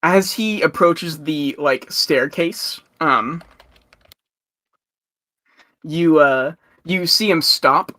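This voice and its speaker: A man's voice: a little high, drawn-out words, long pauses, pushed and bright. A man narrating a tabletop game as game master, rambling with many fillers and frequent laughs.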